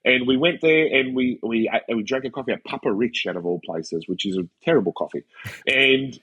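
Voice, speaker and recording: Husky man telling animated stories. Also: medium pitch, a little fast, muffled recording. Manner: animated storyteller acting out quoted dialogue, frequent "like". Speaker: podcast guest, wrestler and commentator. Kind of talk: casual storytelling chat.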